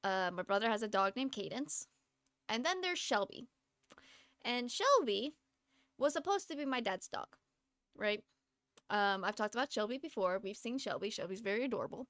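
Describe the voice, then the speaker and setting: A woman's voice: a little high, lively intonation, normal speed, pauses often, fairly bright tone, no echo, clean studio sound. A young woman streaming a game from home, chatting in a rambling way and laughing often. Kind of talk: casual chat while gaming.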